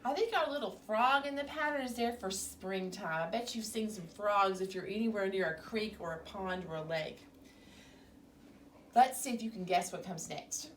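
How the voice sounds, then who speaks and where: A woman teaching young children by video, speaking in a slow, sing-song, encouraging way. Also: medium pitch, animated. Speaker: preschool teacher. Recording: distant mic with faint room noise.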